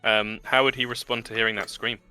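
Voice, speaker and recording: A man narrating a tabletop game as game master, relaxed with many fillers. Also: lowish voice, a little fast, smooth, no echo, soft background music.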